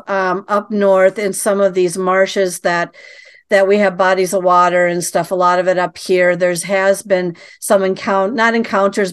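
A woman's voice: mid-range voice, clean tone. A woman hosting a casual interview, asking long, hesitant questions full of restarts and hedges. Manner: rambling, hesitant, hedging questions. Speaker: interview host.

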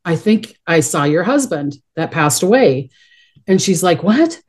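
A middle-aged woman talks in a low register, her stories rambling and chatty. She restarts sentences often and keeps a casual interview tone. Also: sing-song, measured pace, a little mellow. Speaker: guest, psychic medium.

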